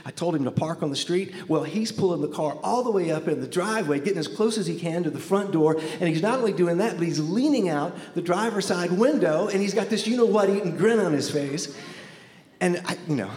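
A man's voice: fairly high pitch, darkish tone. Nervous man telling a story in a hall. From Memphis, USA. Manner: conversational, wry, self-deprecating. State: nervous, shaking. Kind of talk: personal storytelling on stage. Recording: long hall reverb.

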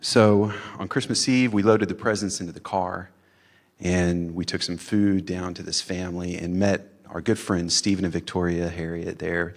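A man with a somewhat low voice tells a personal story live on stage. He talks in a loose, chatty way, dropping "like" often and acting out what people said. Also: flat delivery, moderate pace, gravelly. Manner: casual, chatty, many "like" fillers, acts out quotes. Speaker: storyteller, father of three boys.

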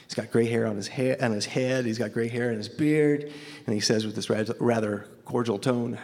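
A man's voice: medium pitch, steady tone, moderate pace, darkish tone. A man from Memphis telling a personal story on stage, wry and conversational, nervous and a little shaky. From Memphis, USA. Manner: conversational, wry, self-deprecating. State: nervous, shaking. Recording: long hall reverb.

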